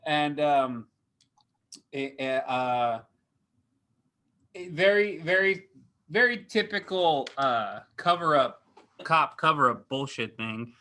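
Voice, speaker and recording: A man hosting a casual film review chat, swearing a lot and ranting with mocking, animated energy. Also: a little high. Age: adult with a young daughter. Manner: profane, animated, mocking, quick reversals. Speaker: podcast host.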